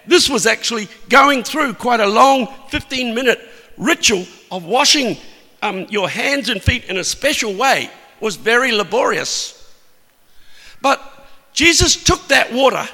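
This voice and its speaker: Preacher, high bright voice, big hall. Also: male voice, creaky. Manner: animated storytelling, rising to emphatic peaks. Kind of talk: sermon. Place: church hall. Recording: long hall reverb.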